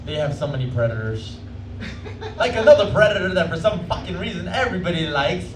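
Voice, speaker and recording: Loud trash-talking stand-up comic. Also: male voice, sits high, animated, fairly quick. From Mexico. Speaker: stand-up comedian. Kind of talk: stand-up routine. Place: comedy club stage. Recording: echoey club from far off with noise.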